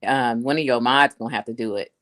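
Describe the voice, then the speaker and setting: A woman who is a guest on a live stream, chatting casually and quick to laugh. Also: rumbling low, fairly bright tone.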